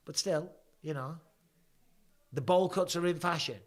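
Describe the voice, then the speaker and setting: At a measured pace, a man in his forties with a fairly high voice hosts a live stream of fight commentary from home. He jokes casually and reads viewer questions out loud before answering.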